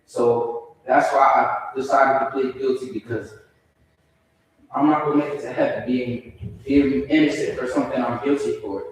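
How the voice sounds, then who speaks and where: A young man speaking as a defendant at his sentencing, crying, remorseful and halting, often repeating himself. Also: mid-range voice, steady tone, a little hiss or hum. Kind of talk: courtroom statement. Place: large echoey courtroom. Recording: echoey courtroom from far off.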